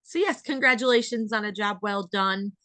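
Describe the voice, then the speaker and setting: A woman's voice: mid-range voice, normal speed, bright, forceful tone, no echo. Chatty American woman hosting a podcast. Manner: chatty, rambling with fillers. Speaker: podcast host, dairy farmer. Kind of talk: casual interview chat.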